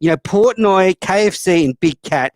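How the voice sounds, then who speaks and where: A man's voice: high-pitched, lively intonation, moderate pace, no room sound. A man hosting a call-in show, talking bluntly and profanely with plenty of fillers. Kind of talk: casual call-in chat.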